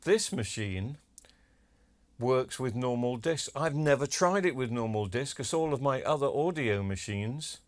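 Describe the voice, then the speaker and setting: Male, repair vlogger, chatty and cheeky, mid-pitched, dry room. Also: expressive, unhurried, dry recording. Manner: chatty, self-deprecating, cheeky asides. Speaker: electronics repair video maker. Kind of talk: casual demo talk to camera.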